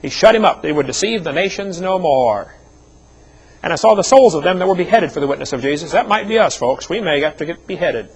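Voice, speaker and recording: A man's voice: a little high, lively intonation, fast, breathy edge, rough recording. A middle-aged man preaching a seminar sermon, telling personal stories in a folksy way with joking asides. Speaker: evangelist speaker.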